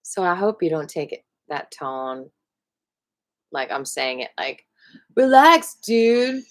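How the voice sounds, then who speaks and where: Her voice very deep and a little slow, a qigong teacher worn out from a sleepless night rambles through a relaxed outdoor meditation talk packed with fillers. There's no echo, just birds and rustling trees around her.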